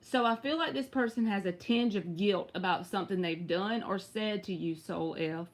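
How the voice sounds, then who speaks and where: She gives live tarot readings in a Southern US accent, chatty and direct, responding to viewers by name. Her pitch is medium and her speed normal.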